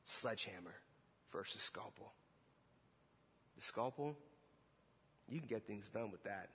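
A middle-aged man preaching a sermon, telling a story with laughter and swinging between loud bursts and hushed moments. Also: on the low side, lively intonation, measured pace, creaky, pauses often, slightly rough, in a large hall. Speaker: pastor.

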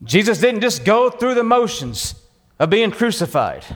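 Fiery high-voiced Texan preacher. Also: male voice, sing-song, a little slow, long reverb tail. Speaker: pastor. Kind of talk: sermon. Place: church.

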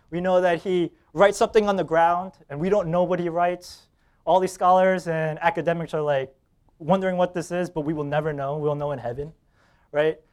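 Animated high-voiced preaching pastor. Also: male voice. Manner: storytelling with laughs and quoted dialogue; animated, swings between loud and hushed. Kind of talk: sermon.

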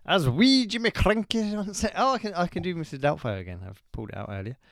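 A man's voice: sits high, animated, quick pace, creaky, a bit bright, no echo, studio quality. A man co-hosting a podcast in casual chat, making jokey, teasing asides. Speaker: podcast co-host.

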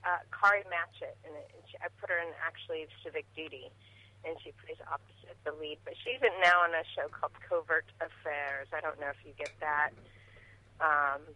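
A woman talking shop as a talent manager and producer, chatty, laughing often and restarting her sentences. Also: sits low. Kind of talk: casual chat. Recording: tinny phone line.

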